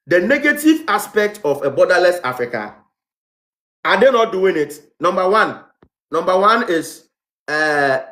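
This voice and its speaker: A man with a Ghanaian English accent delivers an impassioned commentary, firing off repeated rhetorical questions. His voice sits a little high for a man. The room around him is noticeably echoey. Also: fairly bright tone. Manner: heated, repetitive rhetorical questions. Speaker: vlogger.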